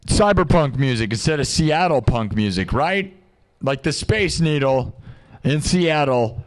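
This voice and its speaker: A man ranting casually to his live-stream audience, joking around and acting out quick little exchanges in other voices. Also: fairly high pitch, lively intonation. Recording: music playing behind the voice.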